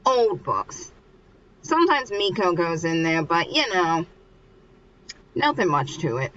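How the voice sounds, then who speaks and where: A woman's voice: fairly low pitch, big pitch swings, slow pace, a bit bright, muffled recording, slight background noise. A young woman casually recapping a manga chapter, rambling and restarting as she goes. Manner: rambling, acts out characters. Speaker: manga reader.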